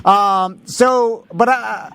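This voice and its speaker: Male radio host, fairly high voice, dry close sound, easygoing and quick to laugh. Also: fairly even intonation, vocal fry, pushed and bright, smooth, no room sound. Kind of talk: casual talk-radio banter.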